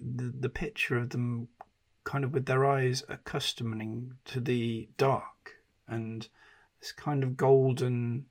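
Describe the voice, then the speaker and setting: A man hosting a podcast interview, with a voice at an ordinary middle pitch. He muses aloud and fills his sentences with hedging fillers. He leads into his questions in an easy, conversational way. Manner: musing, with many "kind of" fillers. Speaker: podcast host.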